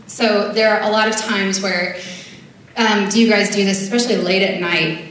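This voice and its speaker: A woman's voice: medium pitch, steady tone, moderate pace, a bit bright, far from the mic, slight background noise. A woman preaching in an earnest, conversational way with casual filler words, reading scripture aloud in a church. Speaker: speaker at a church service. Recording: very echoey church hall.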